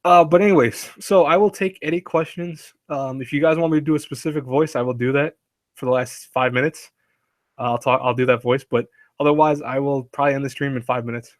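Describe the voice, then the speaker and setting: A man's voice: medium pitch, fairly even intonation, fairly quick, no echo, clean studio sound. A man hosting a casual live stream, rambling and chatty, laughing often and reading chat aloud.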